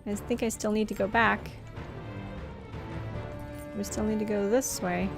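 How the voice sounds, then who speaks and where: A woman's voice: mid-range voice, steady tone, a little slow, creaky, music in the background. A woman from Norway, chatting casually and giggling often while live-streaming a game.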